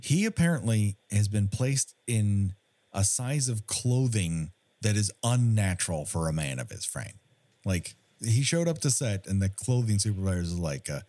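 A man's voice: lowish voice, animated, moderate pace, warm tone, no room sound. Wry joking man recapping a movie. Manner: wry, joking, swears casually, laughs often. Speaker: podcast co-host. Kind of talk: casual movie-recap chat.

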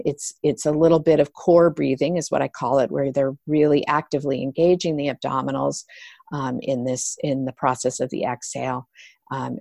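A middle-aged woman, a yoga therapist, explaining breathing work in a relaxed interview, with many restarts and fillers. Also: extremely low pitch, gravelly, no echo. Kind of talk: conversational interview.

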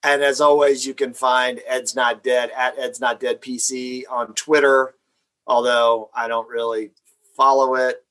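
A man hosting an education podcast, talking in a relaxed, chatty way with his co-hosts. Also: mid-range voice, low-quality recording. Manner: relaxed, chatty, reads sponsor copy quickly. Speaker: podcast host. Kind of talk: casual podcast chat.

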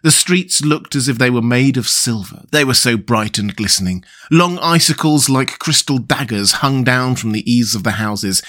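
A male storyteller reads a classic tale aloud at a middle pitch. His narration is calm and even, as he hosts his own story show. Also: normal speed, few pauses. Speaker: storyteller and podcast host.

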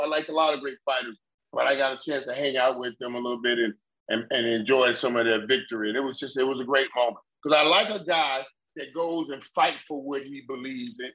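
An older man co-hosting a sports talk show, telling excited stories in a rambling way and repeating his words as he goes. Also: mid-range voice, rough recording. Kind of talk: casual sports chat.

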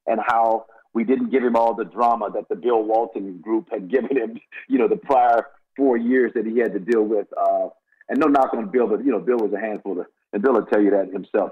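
An older man in his sixties from Los Angeles tells stories as a guest on a sports radio show, often stalling and repeating words as he goes. His voice is slightly husky and sits at an ordinary pitch. The audio is dull and lo-fi, like a radio broadcast. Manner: rambling, with frequent repeated words and restarts. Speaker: guest, former college basketball player. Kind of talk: casual radio interview storytelling.

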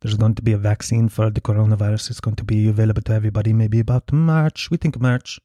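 A secretive middle-aged barista woman, as a man puts her on, hushed and confiding. She sounds a bit lower than his usual voice, and the recording is dry and close. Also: steady tone, quick pace, no room sound, close to an everyday voice.

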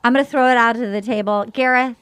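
A woman hosting a casual chat, recapping with animated delivery and acting out quotes. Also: a little high, quick pace, smooth. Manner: animated, acts out quotes in voices. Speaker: podcast host.

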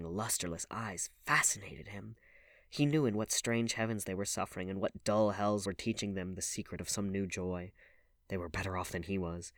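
A male audiobook reader with a low-pitched voice and a measured, even delivery. The sound is dry and close, with no room around it. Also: no echo. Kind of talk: scripted audiobook narration.

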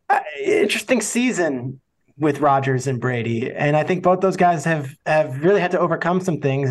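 A man hosting a casual podcast interview, telling stories and throwing in joking asides. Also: fairly high pitch. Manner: storytelling, jokey asides. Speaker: podcast host.

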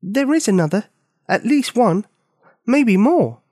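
A man voicing a brave, stubborn young village girl in a storybook reading, high and earnest. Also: unhurried, darkish tone, dry recording, clean studio sound. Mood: matter-of-fact.

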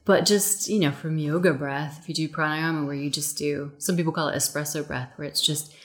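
A woman with a low voice hosts a relaxed podcast conversation over a video call. She talks fast and eagerly, piling one thought onto the next. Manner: animated, quick-talking, self-described fast speaker. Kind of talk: casual conversation.

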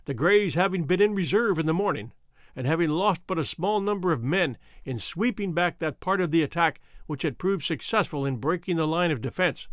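A man reading an adventure novel aloud as first-person audiobook narration, measured and expressive. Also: a little high, no echo.

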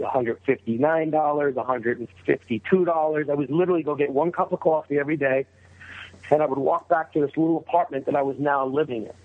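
A middle-aged man from New York, a guest telling a story in a casual, animated way and acting out the voices of the people in it. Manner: animated, acts out quoted voices in a higher pitch. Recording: tinny phone-like line.

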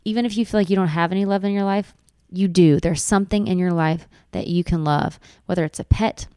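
A woman's voice: on the low side, steady tone, brisk, mellow, clean tone, no room sound, clean studio sound. A young woman and new mother talking earnestly to her viewers in a personal vlog, repeating lines for emphasis. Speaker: vlogger mom. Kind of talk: heartfelt personal vlog talk.

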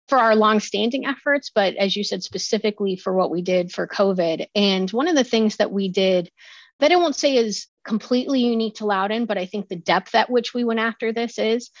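A woman's voice: mid-range voice, no room sound, dull audio. Midwestern woman from Ohio, interview guest, upbeat and promotional, dry close sound. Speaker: guest, county economic development official. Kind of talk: interview answers.

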